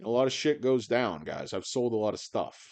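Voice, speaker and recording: A man with a worn-out, hoarse voice, rambling and swearing through a stock-market video monologue, with sardonic asides and loud rants. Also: mid-range voice, expressive, a little fast. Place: indoors under bright lights.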